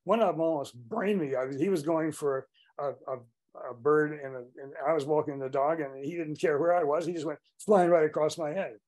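Older male presenter, higher voice, loose rambling delivery for a bird talk. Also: steady tone, brisk, a little mellow. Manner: rambling, restarts often. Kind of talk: informal illustrated talk.

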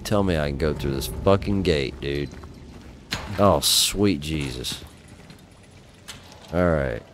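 This middle-aged man hosts a gaming channel, muttering exasperated, profane commentary to himself at a desk mic while he plays. He speaks slowly in a deep, rumbling voice, with a little hiss or hum on the recording.

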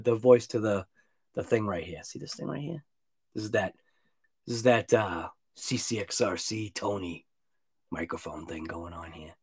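A tired man hosting a late-night live stream, rambling casually and trailing off quietly. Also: fairly low pitch, slightly rough. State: sleepy. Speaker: RC hobby channel host.

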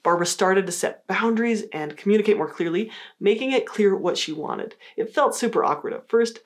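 Woman explaining in a calm teaching voice. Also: mid-range voice, brisk. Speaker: psychologist teaching a course. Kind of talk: scripted educational explainer.

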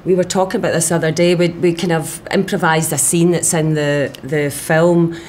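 A woman's voice: sits low, fairly even intonation, normal speed, a little mellow, a little hiss or hum. A woman, an actress, talking eagerly in an interview, quoting her own thoughts as she goes. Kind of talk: press junket interview.

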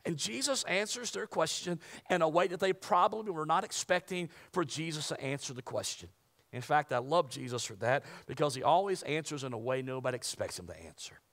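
A man's voice: a little high, animated, a little fast. Preaching man with rising, fervent delivery. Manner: preaching with swings from loud emphatic peaks to hushed whispers. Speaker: pastor. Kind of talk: sermon.

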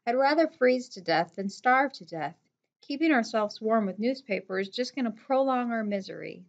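A woman's voice: medium pitch, normal speed, muffled recording, lightly acted. A woman reading as a bitter, stranded teenage boy. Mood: despairing. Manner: bitter, exasperated. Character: teenage city boy, stranded, frustrated and self-blaming.

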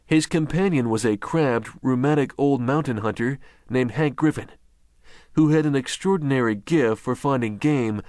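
Man, audiobook narration, measured, mid-pitched, dry close mic. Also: a little mellow, no echo. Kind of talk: scripted narration.

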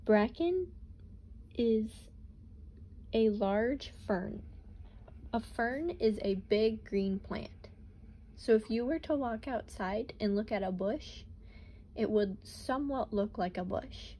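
A woman's voice: on the high side, expressive, slow pace, long pauses, warm tone, a little hiss or hum, poor audio. A woman teacher reading a children's picture book aloud and patiently explaining vocabulary words in simple terms for young children.

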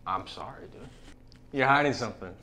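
Teasing, profane comedy host. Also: male voice, medium pitch, a little fast, pushed and bright. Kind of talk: casual comedy interview. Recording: faint background noise.

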